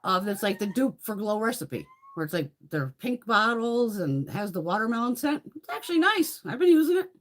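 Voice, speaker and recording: A woman's voice: on the high side, a little fast, few pauses. A woman hosting a live beauty stream, chatting casually, swearing constantly and laughing often. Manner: swears constantly, blunt and animated; laughs often while talking. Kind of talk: casual chat during a live room tour.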